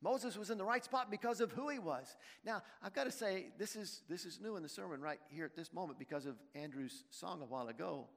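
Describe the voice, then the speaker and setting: Male preacher, high voice, storytelling sermon, long hall reverb. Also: animated, a little fast, creaky, few pauses. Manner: storytelling, asking the congregation questions.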